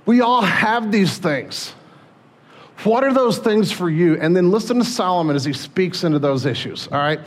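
A male pastor preaching in a relaxed, conversational way, often restarting his sentences. His voice sits a little high for a man. He speaks plainly and jokes at his own expense. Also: moderate pace. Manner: conversational, self-deprecating, frequent restarts. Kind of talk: sermon.

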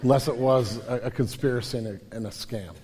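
Speaking fairly quickly, a pastor with a husky, darkish, mid-range voice delivers a sermon in a church with a big-room sound. Using a handheld or stage microphone, he's earnest and emphatic, repeating words as he builds momentum.

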